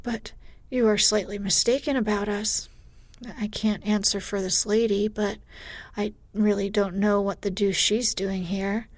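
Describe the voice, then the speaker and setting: A woman reading a storybook aloud and voicing a pompous, self-important young dandy who rattles on quickly and breaks into whispers. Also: mid-range voice, little pitch movement, no room sound, lightly acted. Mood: boastful. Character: pompous young dandy man, touchy and indignant.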